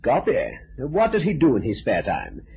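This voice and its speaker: An actor playing a hesitant, polite theatre manager who stammers in a vintage radio drama. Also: male voice, mid-range voice, wildly swooping pitch, moderate pace, darkish tone. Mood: flustered. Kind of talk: 1950s radio drama acting. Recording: dull vintage radio recording.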